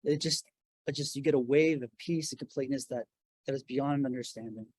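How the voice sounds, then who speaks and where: A man's voice: medium pitch, brisk, darkish tone, no echo. Earnest man, dry close sound. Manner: earnest, speaks of his faith, many restarts. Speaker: guest, record label founder. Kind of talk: casual interview. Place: his office.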